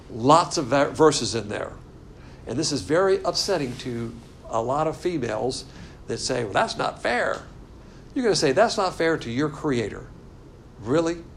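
A man teaching a Bible class in a room, lecturing in a sarcastic, animated and argumentative way. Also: on the high side, gravelly, a little hiss or hum.

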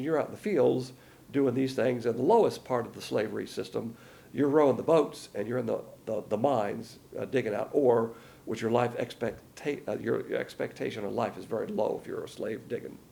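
A man's voice: mid-range voice, fairly quick, creaky, mellow. A man giving a folksy, rambling verse-by-verse Bible lesson, with many fillers along the way. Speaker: Bible teacher.

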